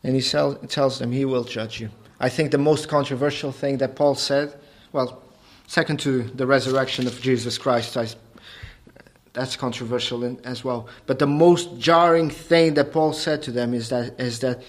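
A man preaching a sermon, emphatic and repetitive, asking the congregation rhetorical questions and building to forceful peaks. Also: medium pitch, steady tone, normal speed. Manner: emphatic, rising to forceful peaks, repeats phrases.

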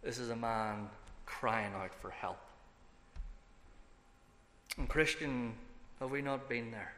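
A man's voice: medium pitch, slow, a bit bright. A man preaching a sermon as pastor, emphatic and building through repeated phrases. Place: church sanctuary. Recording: echoey hall reverb.

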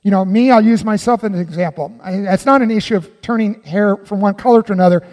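Emphatic high-voiced male preacher in a reverberant hall. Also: fast talker, a little mellow. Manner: emphatic, asks the listeners questions. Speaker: pastor. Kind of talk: sermon.

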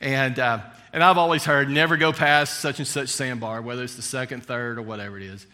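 A man's voice: medium pitch, steady tone, fairly quick, sharp tone, in a large hall. A man preaching a sermon, telling a personal story in a casual way with many fillers. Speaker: pastor.

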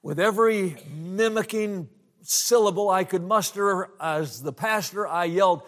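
A middle-aged man preaching, telling a personal story and slowing down to stress scripture lines. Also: high-pitched, fairly bright tone. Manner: storytelling, slows down for emphasis on scripture. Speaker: pastor.

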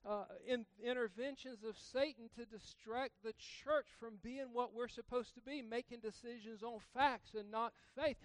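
A man preaching a sermon, asking the congregation questions and breaking into loud, emphatic bursts. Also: very high-pitched, fairly even intonation, moderate pace, hardly any pauses, dry recording. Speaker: pastor.

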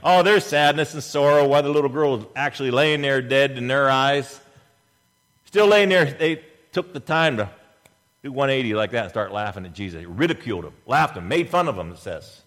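A man preaching a sermon as pastor in a church, animated, acting out scripture scenes in voices. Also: mid-range voice, brisk, big-room sound.

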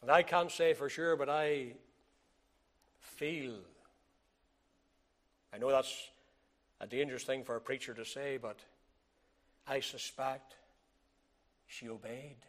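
A man delivers a sermon in old-fashioned scriptural language, shifting between loud, emphatic lines and hushed, almost whispered ones, repeating phrases for emphasis. His mid-range voice holds a steady tone, and he moves slowly with frequent pauses.

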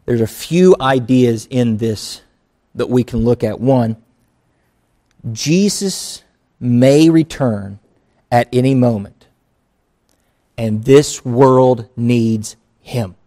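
A male pastor delivering a conversational sermon, mixing earnest teaching with quick acted asides. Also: medium pitch, warm tone.

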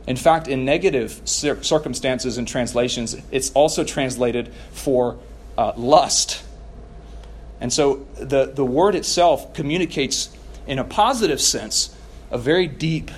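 A young man preaching a sermon in an earnest, reflective way, often restarting his sentences. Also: a little high. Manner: earnest, reflective, with frequent restarts and repeated words. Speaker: pastor.

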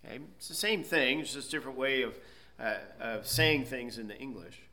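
A man's voice: mid-range voice, fairly quick, bright, forceful tone. A man giving a methodical Bible lesson, explaining word meanings step by step and checking in with "okay?". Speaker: Bible teacher. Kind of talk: expository Bible lecture.

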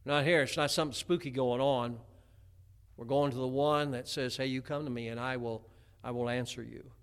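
A man's voice: mid-range voice, steady tone, brisk, smooth. A middle-aged man preaching a homespun sermon, chatty, with many stammered restarts. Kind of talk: folksy sermon.

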